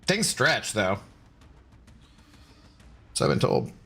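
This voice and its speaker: A man's voice: on the low side, very animated, slow pace, vocal fry, pushed and bright, slightly rough, faint music behind. A man live-streaming a game, joking and bantering as he answers his chat. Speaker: gaming streamer.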